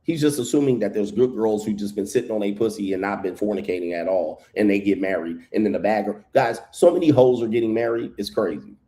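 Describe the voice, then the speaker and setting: A man's voice: fairly low pitch, fast talker, few pauses, dark tone. A man reacting to a video clip with blunt, mocking commentary, swearing freely as he talks. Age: adult past his first marriage.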